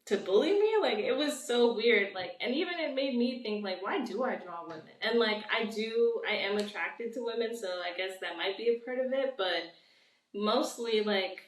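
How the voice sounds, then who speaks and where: A woman's voice: a little high, moderate pace, far from the mic. A young woman talking as a guest in a casual interview, rambling and filling her sentences with "like". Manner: rambling, filler-heavy, says "like" often. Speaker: guest artist. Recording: roomy, voice set back from the mic.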